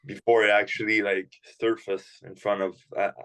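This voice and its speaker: Relaxed man telling hockey stories. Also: on the low side, moderate pace, rough recording. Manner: relaxed storyteller, many fillers like "like". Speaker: hockey skills coach. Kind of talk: casual podcast chat.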